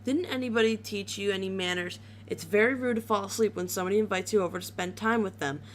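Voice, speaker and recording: Lady putting on a fast chirpy evil pony girl, bubbly but cruel, low hum behind. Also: natural voice. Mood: scolding. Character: cheerful sadistic female pink pony.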